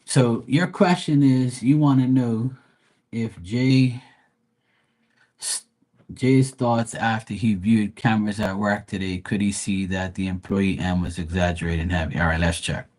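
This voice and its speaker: A man's voice: fairly low pitch, measured pace, a little mellow. A man giving live tarot readings, talking bluntly and profanely, with emphatic restarts. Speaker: tarot reader.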